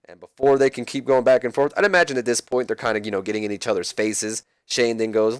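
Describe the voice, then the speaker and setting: A man's voice: mid-range voice, quick pace, hardly any pauses, clear, resonant tone, dry recording, studio quality. A man casually narrating a wrestling management game playthrough, using plenty of fillers. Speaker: game commentator. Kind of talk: let's play narration.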